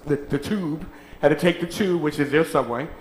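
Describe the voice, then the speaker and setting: A pastor preaches to his congregation, his voice sitting a little high for a man. He tosses questions out and ribs the crowd when they are slow to answer. The sound rings around a roomy church, with a faint murmur of ambience behind it. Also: a little hiss or hum. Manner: call-and-response preaching, teasing the congregation. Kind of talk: sermon. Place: church sanctuary. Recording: echoey church sanctuary.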